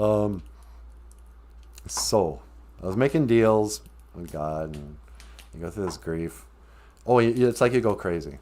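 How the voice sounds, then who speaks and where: Lively-voiced man, rambling at home. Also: deep voice, measured pace, long pauses. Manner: candid and rambling, with frequent self-interrupting asides. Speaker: live-stream host. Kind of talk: casual live-stream talk.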